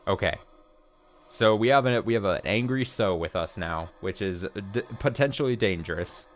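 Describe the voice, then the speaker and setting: A man hosting a let's play, commenting on the game with loud, excitable reactions and swearing. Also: on the low side, moderate pace. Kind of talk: gameplay commentary.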